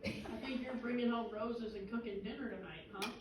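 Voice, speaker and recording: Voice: medium pitch, fairly quick, lightly acted. A young performer playing Carl, a wisecracking middle-aged fisherman who swaps tall tales in a comedy skit. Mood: bantering. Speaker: actor in a two-person comedy skit. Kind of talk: scripted comedic dialogue. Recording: roomy, distant, noisy stage recording.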